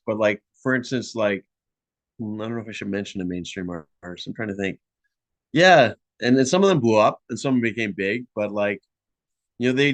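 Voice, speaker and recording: A man rambles casually about bands and artists, his sentences full of "like" and "you know". He talks at a middling pitch, and the recording sounds dry and close. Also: fairly bright tone, dry recording. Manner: rambling and chatty, often saying "like" and "you know". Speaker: podcast guest, musician. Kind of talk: casual conversation.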